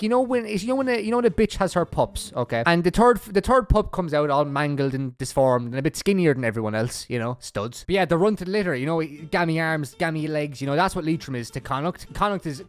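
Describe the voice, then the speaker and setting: Fast-talking young Irish guy. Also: on the high side. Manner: rambling, crude joking asides. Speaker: YouTuber. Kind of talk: casual reaction commentary.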